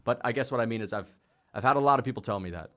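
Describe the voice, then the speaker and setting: A young man speaks very fast at a medium pitch while hosting a fight-reaction livestream. He chats loosely, swears often, reads out viewer donations and bursts into excitable outbursts.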